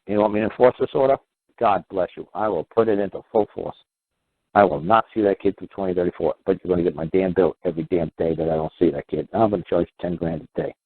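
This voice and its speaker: A man hosting a call-in radio show, talking in an animated, rambling way, acting out both sides of conversations and swearing now and then. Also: low-pitched, vocal fry, slightly rough, no echo. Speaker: radio talk show host. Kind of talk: call-in radio advice talk. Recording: tinny phone-line sound.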